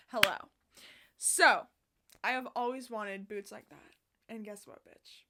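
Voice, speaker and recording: Bright-voiced sassy young woman vlogger. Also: fairly high pitch, measured pace. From Canada. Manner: excitable, swears a lot, sassy. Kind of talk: casual chat. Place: outdoors on a sunny day.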